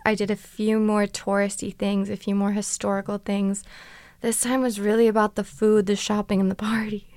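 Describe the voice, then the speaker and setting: A young woman vlogger telling a travel story in a chatty, dramatic way with quick asides. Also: medium pitch, clear, resonant tone, dry recording, clean studio sound. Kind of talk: casual storytelling vlog.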